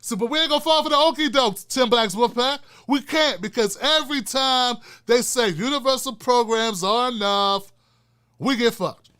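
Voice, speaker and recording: A man's voice: very high-pitched, normal speed, bright, forceful tone, clean tone. An older man hosting a profane, fiery political rant with a preacher-like cadence. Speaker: political commentator host. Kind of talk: ranting political commentary.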